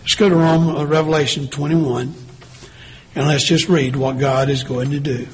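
A man preaching a sermon in a slow, deliberate way, reading scripture aloud with long pauses. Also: mid-range voice, steady tone, slight background noise, poor audio. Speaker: pastor.

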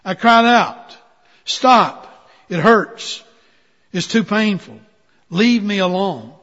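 A man's voice: sits high, sing-song, unhurried, sharp tone, exaggerated voice. A man voicing a female clay teacup who begs in rising, desperate cries, as part of a sermon story. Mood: pleading. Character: suffering teacup of clay, female, pleading and fearful. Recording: dull sound with long hall reverb.

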